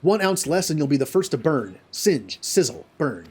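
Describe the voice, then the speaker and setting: A man voicing a cruel, bullying male kobold overseer in a plain, sneering reading with a husky tone. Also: a little high, very animated, moderate pace, darkish tone. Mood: scornful.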